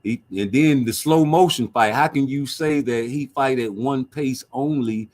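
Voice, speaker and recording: A man hosting a boxing livestream, reading viewer chat and trading profane, joking banter in animated, casual commentary. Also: mid-range voice, measured pace.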